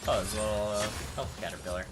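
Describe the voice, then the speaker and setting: A man's voice: lowish voice, fast talker, very noisy. Man rambling through a game story. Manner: rambling, swears, laughs at his own story. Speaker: co-host of a gameplay commentary show. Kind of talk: casual gaming chat.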